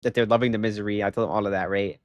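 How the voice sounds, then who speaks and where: A young man chatting casually on a livestream, telling a story in an animated way and rising into loud exasperation. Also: lowish voice, racing, no room sound, dull audio. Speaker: live streamer.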